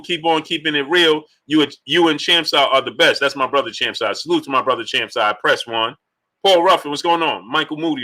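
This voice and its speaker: Male livestream host, bright sharp tone, chatty and animated. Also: mid-range voice. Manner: animated, shouts out viewer names between opinions. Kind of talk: casual live stream chat, reading super chats.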